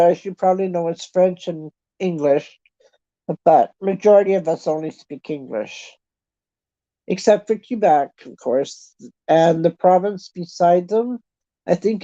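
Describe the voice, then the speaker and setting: A Canadian woman in a casual chat, talking in a chatty, self-deprecating way and thinking out loud. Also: fairly low pitch, no echo. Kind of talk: casual chat with online viewers. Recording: dull lo-fi sound.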